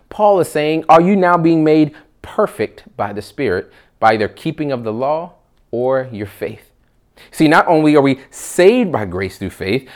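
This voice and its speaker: Man preaching an earnest sermon. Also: on the high side. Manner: earnest, rises in volume when reading scripture. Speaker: pastor.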